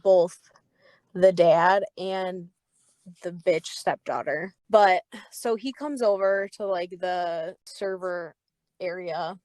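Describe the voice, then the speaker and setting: A young adult woman co-hosting a podcast, telling a story in casual chat, animated and profane with constant filler words. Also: lowish voice, takes it slowly, dry recording. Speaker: podcast co-host.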